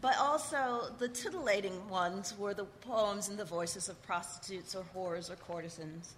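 A woman's voice: mid-range voice, normal speed. A woman who teaches poetry, giving a frank, wry, conversational talk before a reading. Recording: long reverb and faint noise.

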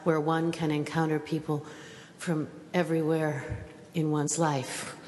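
A woman's voice: deep voice, level tone, measured pace, a little mellow. A woman poet making hesitant, thoughtful opening remarks before reading. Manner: hesitant, thoughtful speech with fillers. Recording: reverberant hall with faint noise.

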